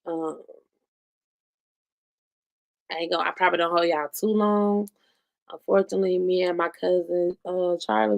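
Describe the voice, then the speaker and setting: A woman hosts a podcast live, talking slowly in a gravelly, rough-edged voice. She chats loosely and directly to her viewers, with plenty of casual asides. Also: on the low side. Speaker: podcast host. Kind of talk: casual live-stream chat.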